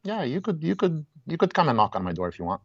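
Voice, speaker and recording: A man's voice: on the high side, quick pace, no room sound, dull audio. A man talking as a guest in a heated casual conversation, telling stories emphatically and restarting his words often. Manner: animated storyteller, repeats and restarts words, exclaims.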